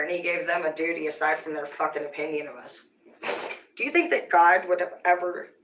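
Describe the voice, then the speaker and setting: A woman's voice: fairly low pitch, fairly bright tone. A woman livestreaming a rambling, confrontational rant full of swearing. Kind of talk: live-stream rant to viewers. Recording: roomy sound, distant from mic.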